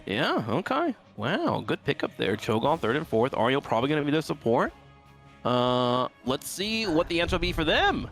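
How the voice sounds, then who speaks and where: Guy casting esports, fairly high voice swinging all over, teasing, soft music behind. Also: normal speed. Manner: excitable, laughs a lot, teasing. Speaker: esports co-caster. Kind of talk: esports commentary.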